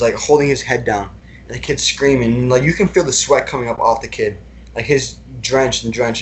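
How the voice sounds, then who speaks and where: A young man with a medium-pitched voice recounts personal experiences as a guest in a podcast interview, over a slight hiss or hum. He's casual and rambling, full of fillers and repeated words.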